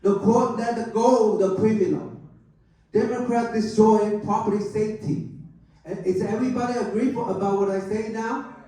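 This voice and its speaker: A man's voice: high voice, fairly even intonation, moderate pace, mellow. A man who is a political candidate, giving an angry campaign speech at a club meeting in broken English, emphatic and asking the crowd to agree. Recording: echoey room, mic far off.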